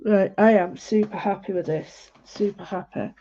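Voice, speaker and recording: In dull lo-fi livestream audio, an artist chats as she draws, rambling in a homely manner while guiding viewers through her piece. She has a dark-toned, mid-range female voice at normal speed.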